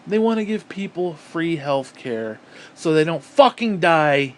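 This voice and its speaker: A man's voice: fairly high pitch, animated, a little slow, slight background noise. A man from upstate New York delivering an angry, profane, sarcastic political rant on his vlog. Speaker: vlogger.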